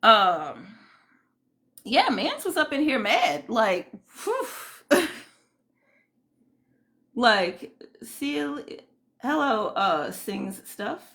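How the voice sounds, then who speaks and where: A woman's voice: on the high side, big pitch swings, extremely slow, long pauses, a bit bright. A woman hosting a casual livestream, greeting viewers and giving indignant, rambling commentary full of fillers. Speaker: livestream host.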